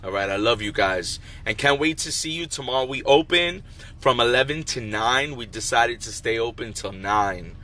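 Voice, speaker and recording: A man who owns a restaurant, talking casually and warmly to his followers, encouraging them with lots of fillers. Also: mid-range voice, normal speed. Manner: heartfelt, encouraging, many fillers. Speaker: restaurant owner. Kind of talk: casual motivational vlog. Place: in a car, then a wholesale store.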